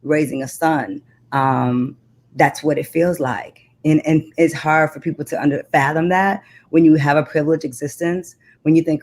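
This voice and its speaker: A woman's voice: sits low, moderate pace, a little mellow. A woman poet who recites spoken-word poetry with repeated refrains, then talks earnestly and reflectively as an interview guest. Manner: earnest, reflective conversational talk.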